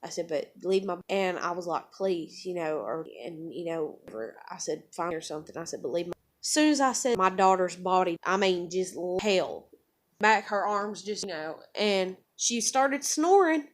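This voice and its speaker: A woman's voice: fairly low pitch, animated, moderate pace. Rambling woman telling a story. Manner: rambling, profane, many fillers. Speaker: vlogger. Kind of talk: casual storytelling.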